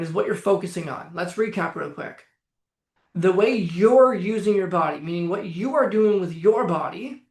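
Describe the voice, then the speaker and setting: A man coaching on anxiety in a live-streamed talk, blunt, emphatic and full of swearing. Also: sits high. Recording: echoey room.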